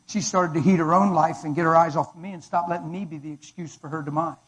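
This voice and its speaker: A man's voice: on the high side, steady tone, fast, husky, low-quality recording. A man preaching, giving a dramatic, emphatic testimony. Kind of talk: sermon testimony.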